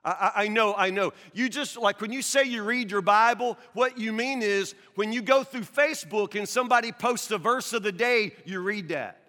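A man preaching a sermon as pastor, earnest, with stammering restarts, swinging from loud to hushed. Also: high voice, moderate pace, few pauses, long reverb tail.

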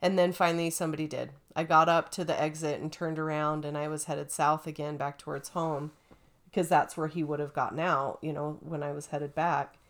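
Low-voiced woman telling a story. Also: fairly quick. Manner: animated storytelling, with lively acted-out quotes. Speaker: storyteller in a casual chat. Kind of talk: casual chat.

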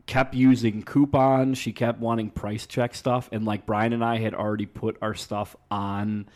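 A man's voice: fairly low pitch, little pitch movement, measured pace, a little mellow. A young man co-hosting a podcast, telling blunt, profanity-laced stories in casual chat. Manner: profane storytelling, emphatic and blunt. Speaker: podcast co-host.

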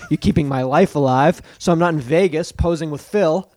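A man co-hosting a podcast, talking in loose, profane, jokey rambles. His voice sits a bit high for a man. The sound is dry and close, with no room around it. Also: fairly quick, darkish tone, no echo. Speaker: podcast co-host. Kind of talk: casual chat.

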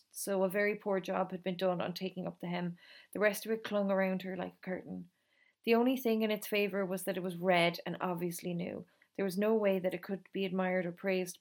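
A woman reading a novel aloud in a calm, steady storytelling manner. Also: medium pitch. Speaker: reader.

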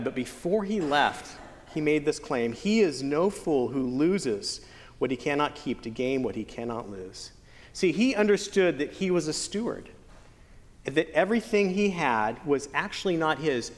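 A man preaching a sermon as pastor, earnest with playful joking asides and slow, stretched emphasis on key phrases. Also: medium pitch. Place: church sanctuary. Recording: long church hall reverb.

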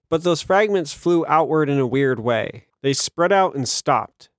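Man reading a novel out loud, kinda high voice, steady and measured, dead dry close mic. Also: dry recording. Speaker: audiobook narrator. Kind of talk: scripted narration.

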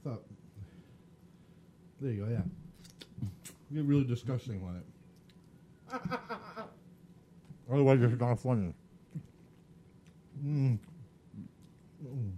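A man's voice: mid-range voice, slow pace, pauses often, mellow, slight background noise. A man co-hosting a podcast, chatting casually and talking with his mouth full while eating. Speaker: podcast co-host.

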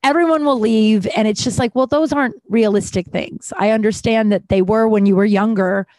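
A woman's voice: fairly high pitch, a little fast, a little mellow. A woman talking candidly in a casual conversation about recovery, rambling and self-searching, swearing freely. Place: Los Angeles area.

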